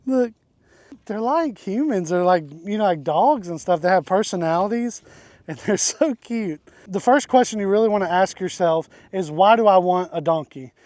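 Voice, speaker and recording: A man's voice: high voice, a little mellow, no echo. A man hosting a casual farm vlog outdoors, talking in an easygoing, rambling way and chuckling often. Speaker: farm channel host. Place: outdoors on a farm beside a donkey.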